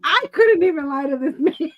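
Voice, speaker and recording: A middle-aged woman co-hosting a casual talk stream tells a story, laughing often and acting out quotes as an animated storyteller. She has asthma and COPD. Her voice is high, her pace moderate, and the recording muffled.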